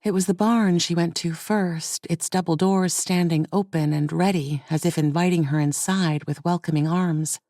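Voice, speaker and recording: A woman narrating a thriller audiobook with a voice a little lower than most. She tells the story in a measured, even way. The recording is close and very dry. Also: no echo. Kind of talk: scripted narration.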